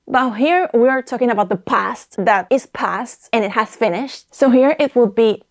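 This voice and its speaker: A woman from Spain with a Spanish accent, a native speaker teaching grammar by slowly repeating and explaining example sentences. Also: fairly high pitch, a little mellow. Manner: slow careful repetition of examples. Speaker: language teacher. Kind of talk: explaining language points.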